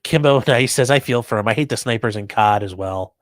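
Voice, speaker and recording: Male stream host, mid pitch, crude offhand humor, close dry sound. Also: fairly quick, no room sound. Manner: offhand, crude jokey asides. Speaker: livestream host reading chat. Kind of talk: casual livestream commentary.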